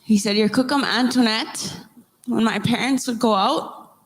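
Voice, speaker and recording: Brief: young woman host, earnest and emotional, halting heartfelt storytelling. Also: fairly high pitch. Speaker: podcast host interviewing survivors. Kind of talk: heartfelt personal storytelling and questions.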